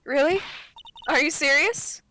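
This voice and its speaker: A woman's voice: high-pitched, measured pace, bright, forceful tone, slight background noise, voice pushed up. A woman voicing a doting, flamboyant middle-aged woman as she reads game dialogue aloud, in a theatrical, fawning manner. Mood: pleading.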